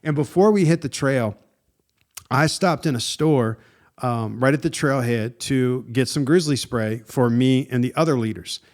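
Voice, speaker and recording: A man's voice: medium pitch, a little slow. Laid-back man telling a story. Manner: animated and conversational, with frequent "dude" and "man", laughs at himself. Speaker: podcast host. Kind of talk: casual storytelling.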